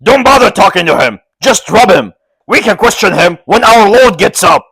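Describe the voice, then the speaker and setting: A man doing loud bullying manor servants. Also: very high-pitched, steady tone, slow, dry recording, voice pushed up, low-quality recording. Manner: loud, jeering, brash. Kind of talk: audiobook character voice.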